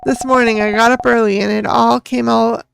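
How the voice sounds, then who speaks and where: An earnest grieving father from a visual novel, quiet and sincere, as a woman reads him aloud. The voice stays high with a gravelly edge, and a clear hiss of noise sits under the recording. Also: level tone, fairly quick. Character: grieving adult man, a father and songwriter.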